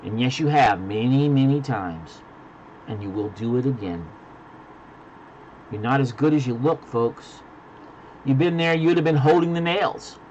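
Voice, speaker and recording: Male pastor, average pitch, emphatic sermon delivery, faint background hiss. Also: unhurried, pauses often, muffled recording. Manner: emphatic preaching, dropping to hushed lines then rising to shouts. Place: virtual church service.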